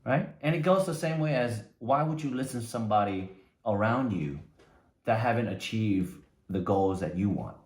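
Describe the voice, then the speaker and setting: A man's voice: lowish voice, expressive, normal speed. A man giving a conversational motivational talk, often tagging his points with "right?". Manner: conversational, frequent "right?" tags. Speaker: motivational speaker. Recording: echoey room.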